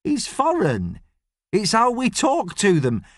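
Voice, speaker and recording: A male narrator lifts his voice high to play a blunt old nan from an audiobook who shouts each word slowly and loudly, as if to someone who cannot understand. Her voice sits well above his usual register, and the sound is close and dry. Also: wildly swooping pitch, no room sound, full character voice. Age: older. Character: loud blunt elderly British nan. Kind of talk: audiobook character voice.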